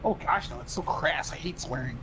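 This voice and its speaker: A prim, soft-spoken rapper, as a man mocks him, who sounds mild and fussy rather than tough. The speech is quiet and overly polite. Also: a little high, brisk, slight background noise, poor audio. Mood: prissy.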